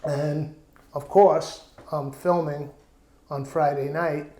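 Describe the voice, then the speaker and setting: Man, host of a casual video show, chatty and easygoing, mellow tone, slightly raised pitch, roomy echo. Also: slow. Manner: relaxed, chatty, reads a quote aloud. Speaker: vlogger. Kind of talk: casual chat. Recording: echoey room.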